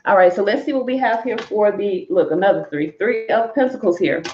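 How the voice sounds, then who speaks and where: A woman's voice: medium pitch, fairly quick, darkish tone, roomy sound, muffled recording, a little hiss or hum. A woman giving a live collective tarot reading to her viewers, talking candidly and emphatically with casual swearing. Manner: candid, profane, emphatic, addresses viewers as y'all. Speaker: tarot reader.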